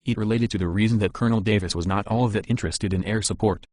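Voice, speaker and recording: Low-voiced male audiobook narrator. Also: steady tone, fast talker, darkish tone, no echo. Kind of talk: scripted narration.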